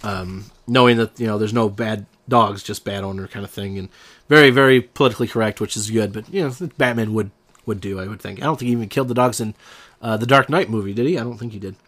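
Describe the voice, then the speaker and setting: A man's voice: on the low side, fast, fairly bright tone. A man hosting a comic book show, casually retelling a story with lots of fillers and an enthusiastic, rambling manner. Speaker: comic book podcast host.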